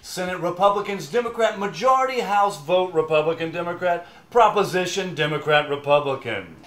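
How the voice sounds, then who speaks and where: A man's voice: high-pitched, animated, brisk, a bit bright, reverberant. A man co-anchoring a comedy news spoof, rattling off jargon with pompous confidence. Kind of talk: mock political commentary.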